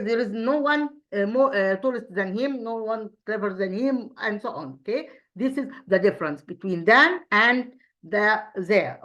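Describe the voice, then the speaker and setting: A woman's voice: medium pitch, a bit bright, muffled recording. Woman, English teacher, grammar review, hesitant delivery, repeats words, rhetorical questions. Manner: hesitant, frequent fillers and restarts.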